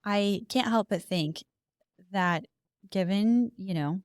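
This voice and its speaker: A woman's voice: medium pitch, takes it slowly, clean tone, no room sound, studio quality. A woman co-hosting a casual podcast, reading history notes aloud with chatty asides. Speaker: podcast co-host.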